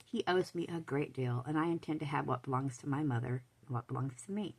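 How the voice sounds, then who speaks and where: A woman reading aloud, voicing a spiteful young woman who taunts in a smooth, mocking tone. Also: extremely low pitch, brisk, full character voice, rough recording. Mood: silky.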